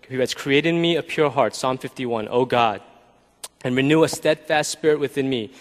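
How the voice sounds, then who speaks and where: A man preaching to his congregation in an easy, talking-style sermon, often pausing to check in with the people listening. His voice sits at an average pitch for a man. A long reverb from the big hall trails after his words. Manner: conversational, keeps asking "right?". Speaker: pastor.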